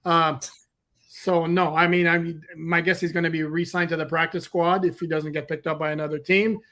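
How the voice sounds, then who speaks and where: A man co-hosting a sports podcast, answering questions and teasing his co-host in a dry, measured way. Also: fairly high pitch, flat delivery, fairly bright tone. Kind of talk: casual sports podcast chat.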